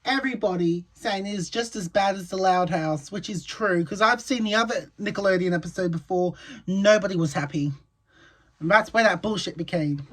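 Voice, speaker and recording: Woman vlogger, angry profane rant, mid-pitched voice. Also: normal speed. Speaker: commentary vlogger. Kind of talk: ranting commentary.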